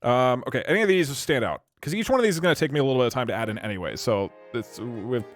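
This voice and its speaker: A man's voice: mid-range voice, animated, racing. A man streaming live, chatting casually and thinking aloud with frequent restarts.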